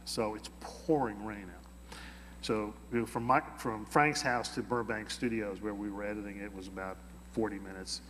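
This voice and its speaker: A man being interviewed, telling an anecdote in a lively way and acting out the quoted dialogue. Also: lowish voice, moderate pace, long reverb tail, slight background noise. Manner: animated, acts out quoted dialogue. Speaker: interview guest. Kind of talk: anecdotal storytelling.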